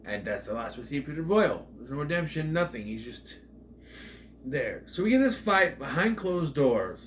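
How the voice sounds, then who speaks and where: A man's voice: on the high side, big pitch swings, moderate pace, slight background noise. Rambling man reviewing a movie.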